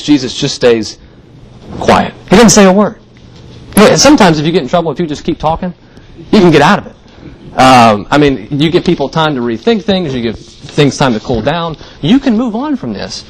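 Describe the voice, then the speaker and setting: A man's voice: mid-range voice, slight background noise, rough recording. A man preaching a sermon in a church, telling the story in a casual, conversational way and briefly acting out the voices of the people in it. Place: church sanctuary.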